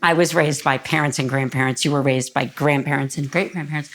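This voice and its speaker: A woman's voice: low-pitched, steady tone, a little fast, fairly bright tone. A woman in her fifties talks earnestly in a living room interview, close to tears. Her voice rises as the feeling builds. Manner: earnest, voice rises when emotional. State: near tears. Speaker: guest. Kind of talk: emotional interview conversation.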